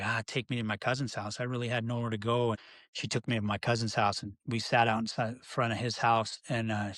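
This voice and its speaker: A man's voice: mid-range voice, dry recording. A middle-aged man, a podcast guest, telling his life story in a rambling, candid way with many fillers and restarts.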